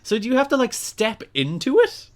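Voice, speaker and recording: A man co-hosting a podcast in casual chat, recapping events in an animated, joking manner. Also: very high-pitched, normal speed. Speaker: podcast co-host.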